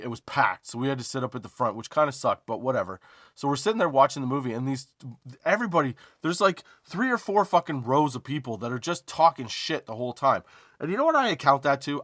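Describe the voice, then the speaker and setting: A man hosting a comedy podcast, telling a story as a profane, emphatic rant, drawn-out emphasis and rhetorical asides like "okay?". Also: mid-range voice, a bit bright, dry recording, studio quality. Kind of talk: comedic ranting monologue.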